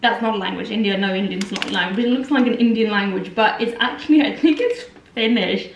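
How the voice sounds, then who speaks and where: A woman's voice: medium pitch, fast talker, hardly any pauses, lo-fi sound, a little hiss or hum. A young Norwegian woman vlogging casually at home, chatty and rambling with giggly asides, speaking English as a second language. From Norway. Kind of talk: casual vlog chat. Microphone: compact camera held or set nearby. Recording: echoey room, somewhat far from the camera.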